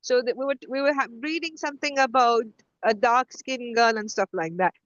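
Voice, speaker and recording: A middle-aged woman co-hosting a podcast, telling stories in a casual, animated way with many restarts. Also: a little high, moderate pace, dry recording, muffled recording. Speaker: podcast co-host. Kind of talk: casual conversation.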